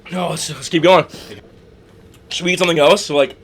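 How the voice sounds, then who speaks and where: A man's voice: a little high, fairly even intonation, a little fast. A young man from the hosting a casual podcast, chattering nervously with lots of fillers. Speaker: podcast host. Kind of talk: casual chat.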